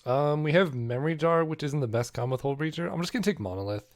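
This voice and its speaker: A man with a hoarse, fading voice giving casual, rambling commentary as he weighs options aloud. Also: a little high, animated, fast. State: hoarse, losing his voice. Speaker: card game content creator.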